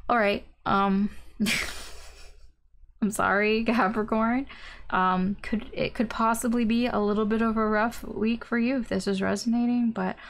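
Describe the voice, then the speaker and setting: A woman's voice: medium pitch, steady tone, moderate pace, a little hiss or hum. Woman doing a chill tarot reading, hedges a lot, lots of ums, kinda blunt. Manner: hedging, thinking aloud with many ums and maybes; blunt and informal, with mild swearing. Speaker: tarot reader.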